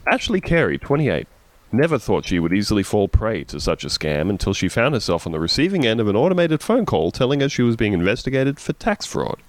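A man hosting a casual comedy podcast, wry and deadpan, sounding tired. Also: on the low side, a little fast, hardly any pauses, no room sound. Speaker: podcast host.

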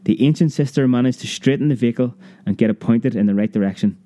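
A man narrating a memoir audiobook in a measured, vivid storytelling manner. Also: mid-range voice, dark tone, dry recording.

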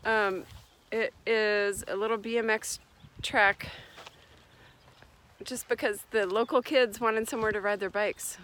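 A woman's voice: medium pitch, a bit bright, low-quality recording. A woman co-hosting a casual chat, talking in a bubbly way while walking a trail outside. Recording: outdoor walk with background noise.

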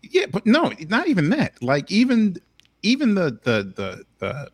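Man, interview host, halting enthusiastic speech, dry room. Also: high voice, huge pitch swings, no room sound. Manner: halting, many restarts, enthusiastic. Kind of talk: casual interview talk.

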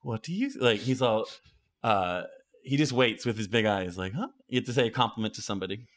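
A man narrating a tabletop game as game master, casual and halting, with frequent restarts. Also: fairly low pitch, fairly bright tone.

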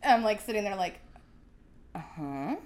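A woman sits in as a podcast guest, telling a story in loose, profane chat. She acts out the dialogue as she goes. Her voice sits at a middle pitch. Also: brisk, slight background noise. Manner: profane, animated, acts out quotes.

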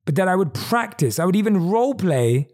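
A man's voice: high voice, sing-song, a little fast, darkish tone. A man hosting a podcast in a motivational monologue, earnest and emphatic, repeating key phrases, recorded on a desk microphone. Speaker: podcast host. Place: at his desk.

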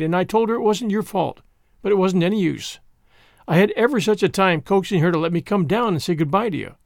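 A man's voice: high voice, gravelly, no room sound, studio quality. A man reading as an earnest tearful girl. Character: tearful devoted young girl, practical.

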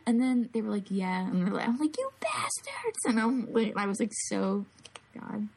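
A woman's voice: mid-range voice, fairly even intonation, normal speed, creaky, a little mellow, a little hiss or hum, low-quality recording. A young woman co-hosting a podcast, telling a story animatedly with lots of filler words. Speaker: podcast co-host. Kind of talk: casual chat, storytelling.

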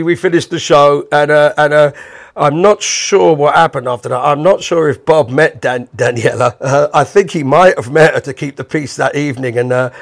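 A man, a bandleader, casually telling a rambling, animated anecdote with the odd chuckle. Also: on the high side, vocal fry.

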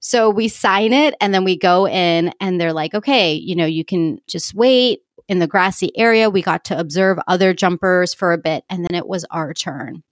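A woman coach casually telling a story to her listeners, animated and quick to laugh, acting out the dialogue. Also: lowish voice, dry recording, studio quality. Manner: animated, laughs often, acts out quoted dialogue.

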